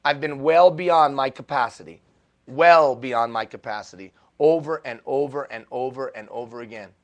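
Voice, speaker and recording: A male motivational speaker giving a live keynote talk, animated and self-deprecating, repeating phrases for emphasis. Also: mid-range voice. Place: stage before a live audience.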